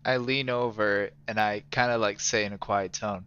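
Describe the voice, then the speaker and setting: A man's voice: on the low side, steady tone, moderate pace, few pauses, a bit bright, a little hiss or hum. A man playing a tabletop game, jokey and putting on mock-formal politeness. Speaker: player. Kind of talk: casual tabletop play with mock-formal speech. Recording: dry, slightly muffled mic.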